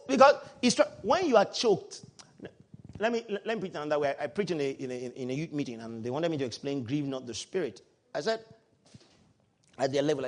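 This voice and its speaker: A man preaching a sermon with an emphatic, animated delivery, swinging from quiet explanation to loud outbursts. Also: fairly high pitch.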